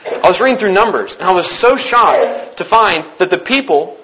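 A man's voice: high voice, animated, moderate pace, bright, forceful tone, a little hiss or hum. A young man giving an earnest sermon, repeating his key phrases for emphasis. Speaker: Christian speaker. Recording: dull lo-fi recording.

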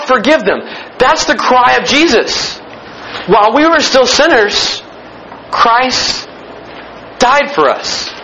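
A man preaching a sermon with emphatic delivery, repeating key phrases and slowing down to stress them. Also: very high voice, pushed and bright, a little hiss or hum, rough recording. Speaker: pastor.

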